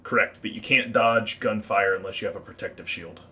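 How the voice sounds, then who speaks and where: Bright-voiced man running a tabletop game. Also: on the low side, fairly quick. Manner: relaxed, rule-explaining, hesitant fillers. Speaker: game master.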